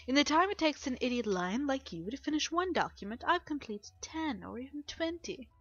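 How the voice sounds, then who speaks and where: A haughty official man, played by a woman who lectures with condescension in a bright, animated voice. The sound is dry and muffled, with faint music underneath. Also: sits high, normal speed, husky, dry recording, pitched above the performer's own voice, exaggerated voice. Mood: scornful. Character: arrogant male workaholic official, scornful.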